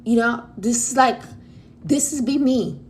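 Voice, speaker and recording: A woman's voice: a little high, a little slow, a little hiss or hum. Blunt Brazilian woman giving advice. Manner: blunt, outspoken, calls listeners honey. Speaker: livestream host. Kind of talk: casual direct advice to viewers.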